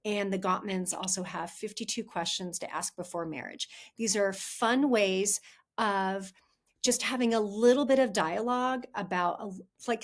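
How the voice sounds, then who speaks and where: A woman hosting a podcast, giving relationship advice in a chatty, candid way and talking straight to her listeners. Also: mid-range voice. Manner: chatty and candid, addresses listeners as "you guys". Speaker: podcast host, relationship coach. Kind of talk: casual advice monologue.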